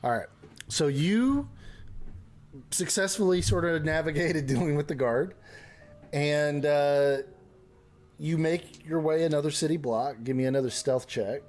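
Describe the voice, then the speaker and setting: A man's voice: on the high side, measured pace, pauses often, darkish tone. A man narrating a tabletop game as game master, loose and chatty. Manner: loose and chatty, with fillers and restarts.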